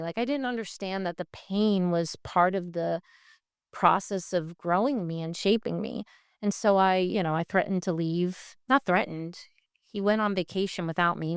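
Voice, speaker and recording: A woman guest shares her faith testimony with raw emotion, speaking frankly and acting out the voices of the people in her story. Her voice sits on the low side, clear and resonant, recorded cleanly in a studio with no echo.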